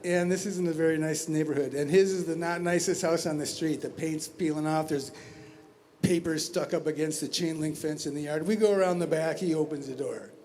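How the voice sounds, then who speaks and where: A man's voice: a little high, a little fast, darkish tone, a little hiss or hum. A man telling a wry, conversational travel story at a talent show, full of asides and restarts. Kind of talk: spoken storytelling. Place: community center stage.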